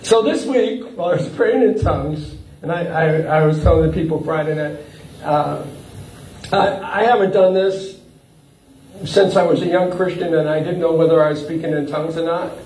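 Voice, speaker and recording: A man delivers a sermon in a high voice, animated and quick to chuckle. He stumbles through uh and repeated words as he goes. The mic is some distance off, so the hall's echo and a faint hiss of room noise carry around him. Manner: animated, chuckling often, with frequent uh fillers and repeats. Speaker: pastor. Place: church hall. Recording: echoey hall, from far off.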